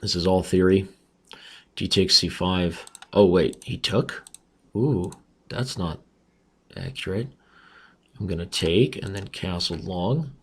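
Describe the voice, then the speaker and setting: A man with a raspy voice giving chatty, self-mocking commentary on his own chess games as he plays. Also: low voice, a little slow. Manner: chatty, self-mocking, talks through moves aloud. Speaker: chess streamer. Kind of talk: casual commentary while playing online.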